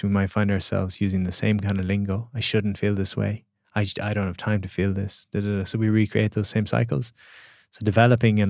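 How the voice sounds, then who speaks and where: Fast-talking man, gravelly. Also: lowish voice, no room sound, clean studio sound. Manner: animated storyteller acting out quoted voices. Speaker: podcast guest, coach. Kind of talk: casual podcast conversation.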